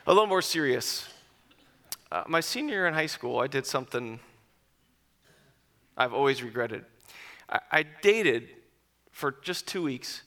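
A man in his forties telling personal stories to an audience, lively at first and then quiet and reflective. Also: medium pitch, a little slow, long pauses. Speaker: speaker addressing an audience. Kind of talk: personal storytelling talk.

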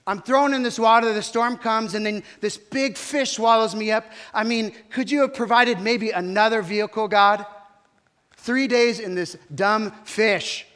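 A man preaching a sermon, voicing an angry, self-pitying male prophet who shouts his complaints. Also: high voice, a little slow, long pauses. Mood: furious. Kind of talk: sermon storytelling.

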